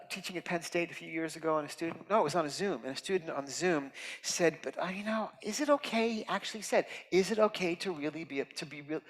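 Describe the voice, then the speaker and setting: A man giving a heartfelt, expressive inspirational talk as a guest speaker at a temple, swinging from loud emphasis to soft near-whispers. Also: fairly high pitch. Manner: earnest and heartfelt, tearful at moments. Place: temple sanctuary. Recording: reverberant hall.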